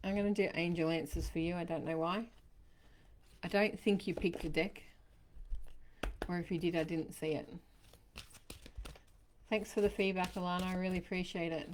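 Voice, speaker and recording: A woman hosting a live-streamed tarot card reading, chatting warmly to viewers by name and passing on reassuring messages. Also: lowish voice, steady tone, normal speed, long pauses, a little hiss or hum. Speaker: tarot reader.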